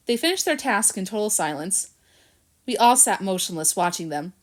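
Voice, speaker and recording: A woman narrating a children's storybook in an expressive manner. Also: medium pitch, moderate pace. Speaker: reader.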